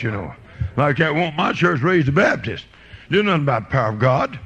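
A man preaching with fervent, folksy storytelling. His voice is bright and forceful, and his delivery stays animated as he preaches. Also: fairly high pitch, brisk, slightly rough, muffled recording. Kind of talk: sermon.

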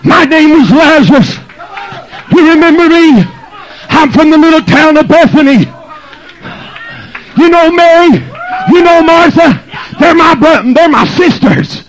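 A preacher voicing a man raised from the dead, shouting and quizzing the congregation. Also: very high-pitched, animated, a little slow, pauses often, lo-fi sound, pitched above the performer's own voice. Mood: excited. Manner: shouting, questioning the crowd. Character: Lazarus, a man back from the dead, excitable.

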